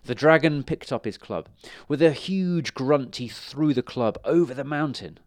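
A man reading a children's storybook aloud, expressive with dramatic pauses. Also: mid-range voice, no echo, studio quality.

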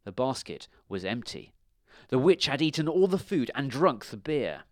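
Expressive male storyteller for a kids' tale, animated, dry booth sound. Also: mid-range voice, normal speed, dry recording. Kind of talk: storybook read-aloud.

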